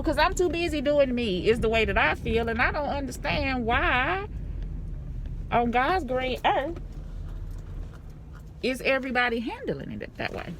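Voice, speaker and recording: A woman's voice: high-pitched, measured pace, long pauses, slight background noise. A woman talking casually to camera while doing her makeup, laughing and cursing as she rambles and repeats herself. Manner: animated, laughing, swearing freely, repeats herself; talks while putting on lashes and makeup. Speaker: vlogger. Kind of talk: casual commentary vlog. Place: alone at home.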